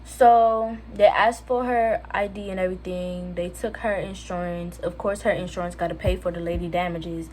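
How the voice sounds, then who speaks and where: A woman's voice: lowish voice, normal speed, hardly any pauses, a little hiss or hum. Chatty teenage girl telling a story. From Jamaica. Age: teens. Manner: chatty, lots of fillers, quotes others in lively voices. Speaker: vlogger. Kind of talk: casual storytime. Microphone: phone camera.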